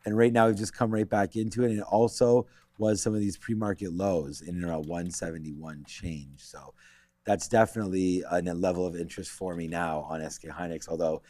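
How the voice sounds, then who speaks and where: Low deep-voiced guy rambling over stock charts, dry close sound. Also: steady tone, fairly quick, mellow, dry recording. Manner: rambling, thinks aloud while checking charts. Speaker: stock market show co-host. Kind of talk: live trading commentary.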